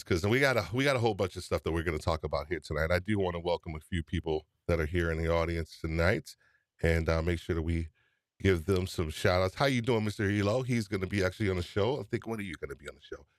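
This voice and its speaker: A man's voice: deep voice, quick pace, no echo, studio quality. A man hosting a live-stream podcast, upbeat and chatty, often repeating his phrases. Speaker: podcast host.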